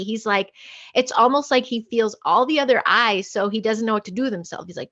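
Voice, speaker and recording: A woman who is a guest on a podcast, chatting casually, laughing easily and turning lively when she quotes others. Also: a little high, moderate pace, lo-fi sound. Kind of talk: casual conversation.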